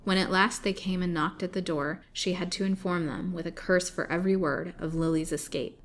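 A woman reading an old serialized novel aloud in an expressive, dramatic way. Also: fairly low pitch, fairly quick. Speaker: storyteller.

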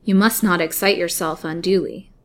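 A stern, mocking male doctor who brushes off pleas with curt, sardonic lines, as a woman narrator puts him on. The storybook voice stays low and close to the reader's own, clipped in delivery. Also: steady tone, moderate pace, lightly acted. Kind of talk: storybook reading.

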